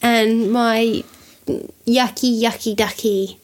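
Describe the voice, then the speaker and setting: A woman co-hosting a podcast, chatting casually and playfully, a bit husky from a cold. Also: on the high side, fairly even intonation, slow pace. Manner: giggly, rambling, playful. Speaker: podcast co-host. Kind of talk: casual chat.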